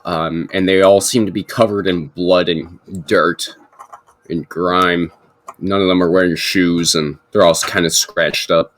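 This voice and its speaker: Deep-voiced laid-back game master. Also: male voice, measured pace, slight background noise. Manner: relaxed, hesitant, many fillers. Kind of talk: narrating a tabletop game.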